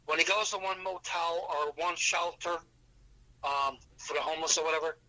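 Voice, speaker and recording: A man's voice: on the high side, fairly even intonation, moderate pace, bright, forceful tone, rough recording. A man on a call, explaining at length in a rambling way. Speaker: family caregiver. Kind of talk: phone conversation.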